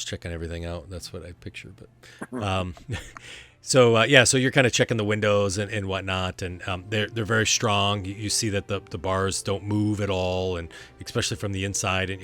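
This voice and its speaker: A man narrating as game master of a tabletop game, halting and full of fillers. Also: sits low, fairly bright tone.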